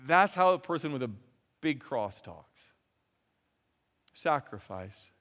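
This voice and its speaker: A man's voice: on the high side, big pitch swings, slow, a bit bright. A man preaching a sermon in a chatty way, often repeating words and acting out the voices of people he quotes. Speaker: pastor. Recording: long hall reverb.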